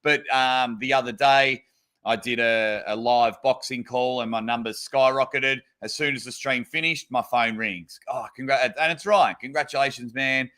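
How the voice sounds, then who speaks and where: A man's voice: medium pitch, normal speed, sharp tone. A man hosting a podcast, chatting casually and enthusiastically with his guests. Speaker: podcast host.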